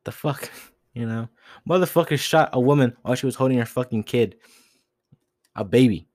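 A man's voice: mid-range voice, normal speed, darkish tone, dry recording, clean studio sound. A young man ranting alone as a podcast host, profane and agitated, rambling and swearing constantly. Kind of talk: solo rant.

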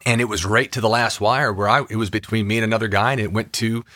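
A man's voice: lowish voice, steady tone, quick pace, pushed and bright, dry recording, studio quality. A man, a podcast co-host and actor, chatting casually and telling an enthusiastic personal story.

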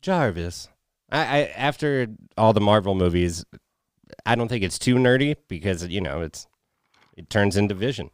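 A man's voice: on the low side, animated, normal speed, no room sound, clean studio sound. A man co-hosting a casual podcast, laughing often and cracking crude jokes. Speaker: podcast co-host.

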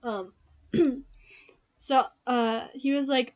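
A woman's voice: on the high side, steady tone, takes it slowly. Giggly young woman telling rambling stories. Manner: giggly, rambling storyteller full of fillers. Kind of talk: casual chat.

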